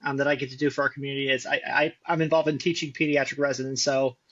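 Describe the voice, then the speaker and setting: A man's voice: medium pitch, flat delivery, racing, a bit bright, no echo. A man guest who teaches pediatric residents, talking earnestly in casual chat and rambling a bit. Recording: dull lo-fi sound.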